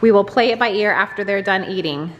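A woman's voice: mid-range voice, a little fast, a bit bright, dull audio, slight background noise. A woman in her thirties chatting casually to a handheld phone camera from a parked car, rambling through her day's plans. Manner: chatty and rambling, thinking aloud about plans. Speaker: family vlogger.

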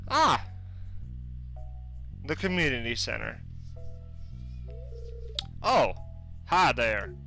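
A man hosting a let's-play, chatting casually and getting playfully excited at what he finds. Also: medium pitch, extremely slow, gravelly, long pauses, faint music behind. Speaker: gaming channel host.

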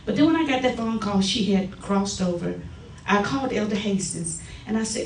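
A middle-aged woman giving a personal testimony at a church service, telling stories in a lively way and acting out the quotes. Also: medium pitch, moderate pace, slight background noise. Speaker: church member giving a tribute. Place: church sanctuary. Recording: echoey church from far off.

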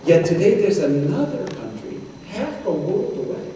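A man's voice: sits high, sing-song, moderate pace, dark tone. Older male lecturer, chatty anecdotes, distant in a big echoey room. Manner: anecdotal, conversational, quotes people in dialogue. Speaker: guest lecturer. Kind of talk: storytelling lecture. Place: synagogue hall. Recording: echoey hall, distant mic, noisy.

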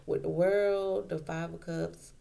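Low gravelly woman reading tarot. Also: fairly even intonation, slow pace, mellow. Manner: repetitive, emphatic, colloquial. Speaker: tarot reader.

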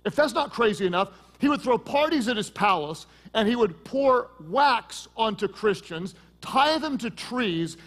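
A man preaching a sermon as pastor, swinging from loud emphasis to hushed intensity and telling stories with quick asides. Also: sits high, in a large hall.

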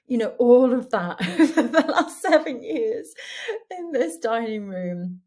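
Talking alone on her podcast from the dining room, a woman reflects candidly, restarting sentences and laughing at herself along the way. She speaks slowly in a voice that is a little high, expressive and a little mellow.

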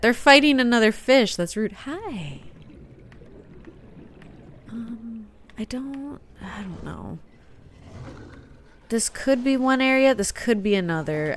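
A woman's voice: a little high, a bit bright, slight background noise. A woman hosting a gaming video, giving let's-play commentary and reacting aloud with gasps and small whispered asides.

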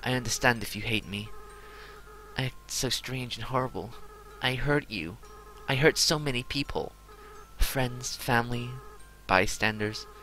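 A man reading aloud the lines of a remorseful young goat monster boy, in a soft, earnest, apologetic way. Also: medium pitch, measured pace, slight background noise, poor audio. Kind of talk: reading game dialogue aloud.

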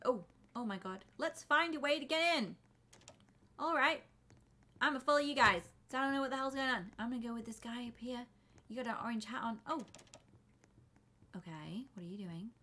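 A young woman giving flustered, excitable commentary while playing a game, often breaking into screams. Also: a little high, normal speed, long pauses. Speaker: gaming YouTuber. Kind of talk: let's play commentary.

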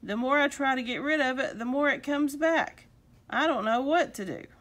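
A woman's voice: sits high, moderate pace, fairly bright tone, voice pushed up. A woman voicing a kindly, fussy old man in a storybook read-aloud. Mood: musing. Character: kindly old man fretting over his hat.

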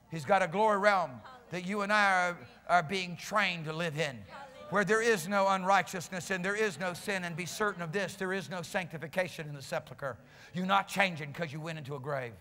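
Male pastor, fiery sermon delivery, bright high voice, long church reverb. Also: normal speed. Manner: impassioned preaching, builds to shouting. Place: church sanctuary.

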